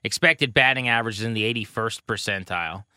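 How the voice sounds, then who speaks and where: A man co-hosting a baseball podcast, casually rattling off pitching stats with a wry edge. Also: fast talker, sharp tone, clean tone, no room sound, studio quality. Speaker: podcast co-host. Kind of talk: casual sports talk.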